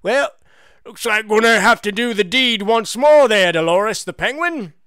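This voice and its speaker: A man voicing a father penguin who meets the death of his baby with offhand, mock-casual calm. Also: high voice, moderate pace, smooth, no room sound, clean studio sound, pitched above the performer's own voice. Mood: weary. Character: weary father penguin, male, deadpan about tragedy.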